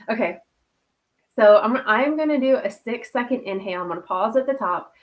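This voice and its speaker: A woman hosting a casual livestream who greets viewers by name, laughs often and leads a soft guided breathing meditation. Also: fairly high pitch, lively intonation, moderate pace. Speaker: host.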